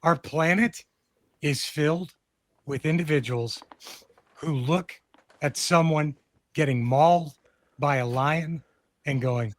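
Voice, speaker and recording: A man's voice: fairly high pitch, takes it slowly, pauses often. A man with a Texan accent hosting a comedy podcast, ranting emphatically with heavy profanity. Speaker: podcast host. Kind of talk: casual comedic political chat.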